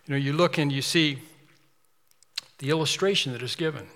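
Male preacher, slightly high, bright forceful voice, emphatic sermon delivery with long hall reverb. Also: brisk, long pauses. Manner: emphatic, repetitive preaching with rising intensity.

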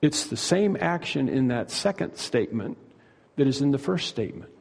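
A man preaching a sermon, emphatic, repeating key phrases and slowing down to stress them. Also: mid-range voice, sing-song, vocal fry, darkish tone, slightly rough. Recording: long hall reverb.

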